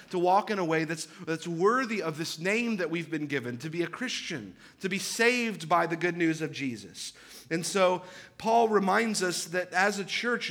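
Bright, emphatic preaching man. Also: sits high. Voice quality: repeats and restarts phrases. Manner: earnest, emphatic preaching with conversational asides. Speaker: pastor. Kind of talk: sermon.

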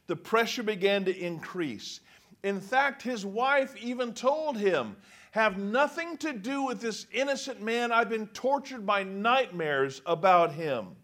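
A man's voice: high voice, fairly bright tone. A man preaching a sermon, reading scripture aloud and acting out the quoted speakers. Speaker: pastor.

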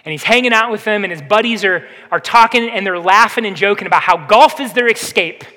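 A man with a high, bright, ringing voice preaches in a long-echoing sanctuary. He presses his listeners with rhetorical questions. He swings between forceful emphasis and hushed, earnest stretches. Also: brisk. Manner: impassioned preaching, rhetorical questions, dips to soft intensity. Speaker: pastor. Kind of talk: sermon. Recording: reverberant hall.

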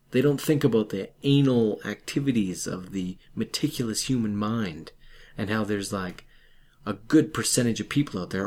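Profane, animated man ranting about a movie. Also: on the low side. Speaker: podcast co-host. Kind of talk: casual movie-review chat.

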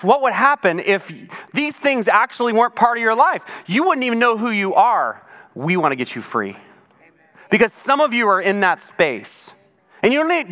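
A man's voice: high voice, sharp tone, dull audio. A man preaching a chatty, conversational sermon as pastor, often acting out other people's voices. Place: church sanctuary.

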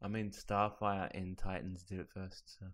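A man's voice: low-pitched, little pitch movement, moderate pace, fairly bright tone. A young man co-hosting a podcast in casual chat, rambling and restarting his sentences. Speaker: podcast co-host.

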